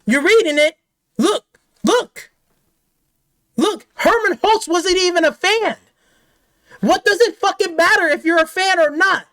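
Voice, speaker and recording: A woman's voice: very high voice, a little slow, pauses often, a bit bright. A woman gaming commentator delivering an angry, profane, confrontational rant.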